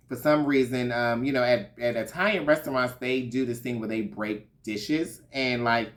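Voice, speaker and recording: Male recap vlogger, sassy and gossipy, casual swearing, mid-pitched voice. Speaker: reality show recap vlogger.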